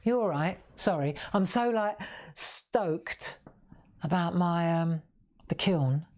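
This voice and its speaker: A woman's voice: lowish voice, expressive, slow, darkish tone. Chatty woman teaching colouring. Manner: chatty, demonstrative, laughs at herself. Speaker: crafting livestream host. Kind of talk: chatty live colouring tutorial. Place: home craft room. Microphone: lapel mic.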